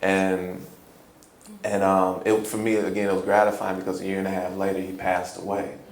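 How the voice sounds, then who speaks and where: A man from Chicago with a low, gravelly voice tells a heartfelt personal story, earnest and halting, stumbling over repeated words. He is heard in a roomy space with a faint hum of ambience behind him. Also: monotone. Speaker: hip-hop poet guest.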